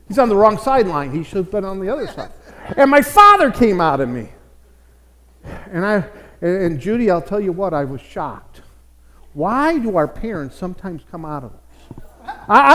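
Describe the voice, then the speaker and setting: A middle-aged American pastor gives a chatty sermon, rich with folksy anecdotes. His voice sits high for a man, and he stumbles over repeated words as a point gathers steam. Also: big pitch swings, normal speed, fairly bright tone, big-room sound. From United States. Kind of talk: conversational sermon.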